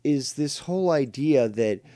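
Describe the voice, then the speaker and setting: Smooth-voiced hesitant talk show host man. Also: medium pitch, expressive, unhurried, mellow, no room sound, clean studio sound. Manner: hesitant, recaps with many ums. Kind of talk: casual talk show hosting.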